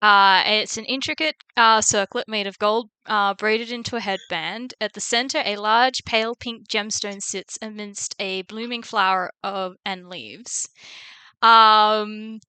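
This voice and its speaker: A woman's voice: medium pitch, fairly even intonation, a little slow, sharp tone, smooth, no echo. A woman running a tabletop game as game master, narrating with many hesitant ums and frequent laughs over a voice call.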